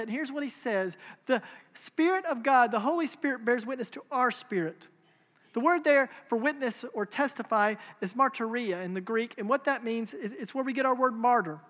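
A man's voice: very high-pitched, expressive, normal speed, sharp tone. A man in his thirties preaching a sermon, earnest and emphatic, with repeated phrases and rhetorical questions. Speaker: pastor. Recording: long hall reverb.

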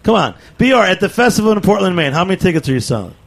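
A man co-hosting a radio show who pushes the guest with teasing questions. His voice sits slightly high and has a gravelly edge. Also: sing-song, rapid-fire, a bit bright. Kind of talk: casual radio banter.

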